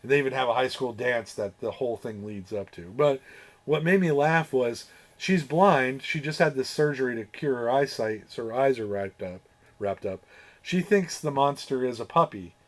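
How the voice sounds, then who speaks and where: A man's voice: mid-range voice, moderate pace. A man hosting a podcast, swearing and laughing as he recaps a film in casual, rambling chat. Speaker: podcast host. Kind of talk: casual movie review chat.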